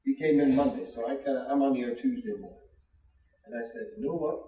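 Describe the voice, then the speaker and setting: A man's voice: mid-range voice, fast, lo-fi sound. A man, a former radio DJ, telling a story to a class in a casual way, acting out everyone's lines as he goes. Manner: animated storyteller who acts out every character's lines. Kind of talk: casual anecdote. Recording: echoey room, voice from far off.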